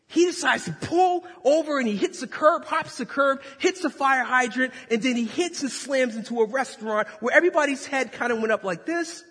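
A male pastor preaching a sermon, full of animated storytelling and acted-out voices. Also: extremely high pitch, moderate pace, hardly any pauses, slightly rough. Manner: animated, jokey, acts out voices. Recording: long reverb of a large hall.

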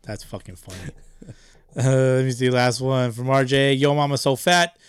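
Male podcast co-host, casual, quick to laugh, mid pitch, dry close mic. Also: steady tone, clean tone, dry recording. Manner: laughs often, swears, reads listener jokes aloud. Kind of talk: casual chat.

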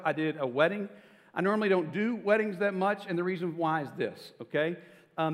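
A middle-aged man, a pastor, giving a casual, self-deprecating sermon with stories to a congregation. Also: fairly high pitch. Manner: conversational, self-deprecating storytelling. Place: church auditorium. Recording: long reverb of a large hall.

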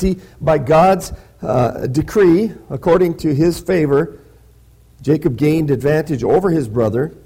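A man's voice: fairly high pitch, dark tone, husky. A man preaching a sermon in a conversational way, often checking in with "right?". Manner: conversational, peppers lines with "right?". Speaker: pastor.

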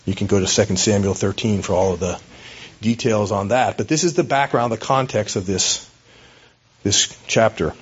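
A man delivers a sermon in a relaxed, storytelling way, with small hesitations along the way. His voice sits low and sounds a little husky. The recording is dull and lo-fi. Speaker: pastor.

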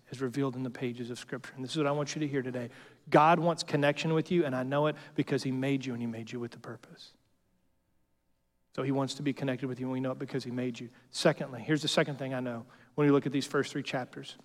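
A male pastor preaching a sermon in a casual, joking way, often checking in with the congregation with "right?". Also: on the high side. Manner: conversational and joking, peppered with "right?". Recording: long hall reverb.

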